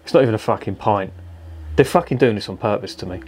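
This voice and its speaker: Sweary ranting man, lowish voice. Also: fast talker, a little mellow, breathy edge. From England. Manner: swears constantly, rambling and exasperated. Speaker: beer reviewer. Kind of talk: casual profane rant.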